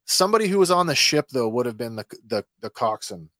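A man's voice: mid-range voice, big pitch swings, fast talker, a bit bright, no room sound, studio quality. A man co-hosting a fan podcast in casual chat, chatty and often trailing off mid-thought. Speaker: podcast co-host.

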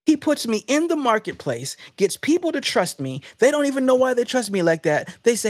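A man hosting a faith podcast, preaching in an emphatic, animated, conversational way. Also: very high voice, fairly quick, few pauses, no echo, clean studio sound. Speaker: podcast host.

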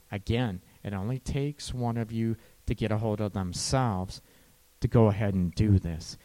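A man giving relationship advice in a casual talk, with a conversational manner that keeps asking "right?" and drops low and soft when he acts out calm lines. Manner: conversational, repeats points, asks "right?" often. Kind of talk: casual advice monologue to camera.

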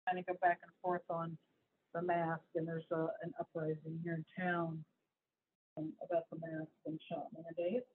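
A woman's voice: low voice, flat delivery, normal speed, slight background noise. A woman hosting a casual news commentary on education, talking in a chatty, rambling way with asides and restarts. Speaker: host. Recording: tinny phone-like audio.

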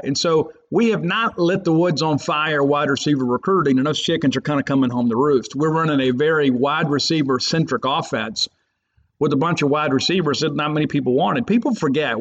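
A man's voice: a little high, brisk, a bit bright. A man hosting a sports podcast, talking in an emphatic, rambling way. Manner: emphatic, rambling, fan loyalist. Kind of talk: opinionated sports talk. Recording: muffled lo-fi podcast audio.

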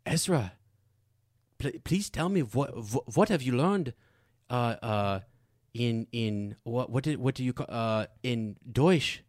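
A man imitating his partner's mother, an older woman who asks halting, stumbling questions. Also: mid-range voice, lively intonation, darkish tone, dry recording, clean studio sound. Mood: quizzing.

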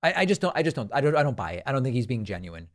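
A man's voice: medium pitch, sing-song, very fast. A man hosting a political talk show, speaking in a mid-range voice. He delivers a pointed commentary monologue, leaning on repeated phrases to drive his points home. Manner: emphatic, repeats phrases for stress.

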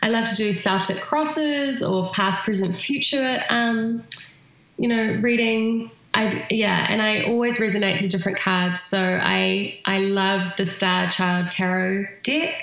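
Nz woman, guest on a podcast, gravelly voice, lots of ums, really echoey room. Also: medium pitch, steady tone, unhurried, fairly bright tone, lo-fi sound. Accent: New Zealand. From New Zealand. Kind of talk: casual podcast interview.

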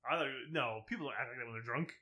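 A man's voice: medium pitch, very fast, sharp tone. A man co-hosting a podcast in casual chat, laughing often and making dry quips. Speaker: podcast co-host.

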